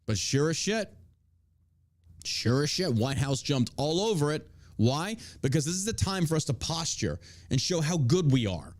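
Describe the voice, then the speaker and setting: A man's voice: fairly high pitch, big pitch swings, moderate pace, no echo. Profane, ranting man on a dry mic. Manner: profane, combative, mocking. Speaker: podcast host. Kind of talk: ranting political commentary.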